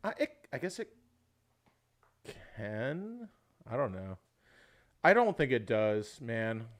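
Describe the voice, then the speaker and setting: A young adult man rambling through a casual livestream chat at a mid-range pitch. He swears freely and keeps dropping "dude" into his sentences, in a loose, unscripted way. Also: sing-song, slow pace. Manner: rambling, swears often, says "dude" a lot. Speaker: livestream host.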